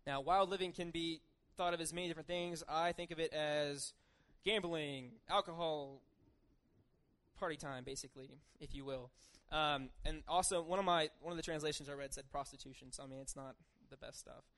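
A young man with a somewhat high voice delivers a laid-back sermon. He reads the passage and then retells it informally, slipping into everyday voices for the people in the story. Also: steady tone, normal speed, a bit bright. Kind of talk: casual sermon with scripture reading.

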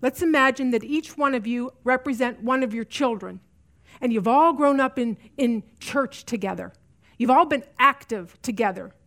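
A woman's voice: on the high side, moderate pace, a bit bright. Earnest woman teaching a women's Bible study. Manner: earnest, repeats key lines for emphasis. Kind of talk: teaching talk to a women's group.

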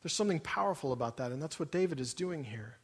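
A man's voice: a little high, animated, fast talker, husky. A man preaching a sermon to his congregation. He asks many emphatic rhetorical questions. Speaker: pastor. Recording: long reverb of a large hall.

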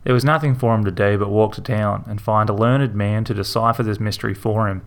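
A man narrating a story in a measured, vivid way. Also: fairly low pitch, steady tone.

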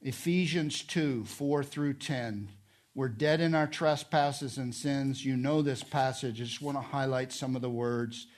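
A man preaching a sermon, repeating his points and asking rhetorical questions, swinging from quiet to loud and emphatic. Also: mid-range voice, measured pace. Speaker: pastor.

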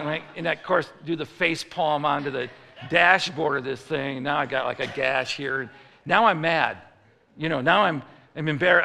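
A man from Chicago preaching a sermon, telling a comic story in an animated way that rises into mock outrage. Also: a little high, creaky, in a large hall.

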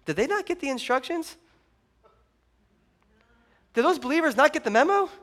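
A man preaching a sermon to his congregation, joking and animated, often rising to loud emphasis. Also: extremely high pitch, normal speed. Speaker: pastor.

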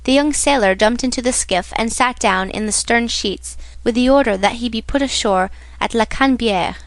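A woman narrating an audiobook in a measured, even storytelling manner. Her voice sits somewhat high and the recording is dry and close to the mic. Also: no echo. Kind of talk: scripted narration.

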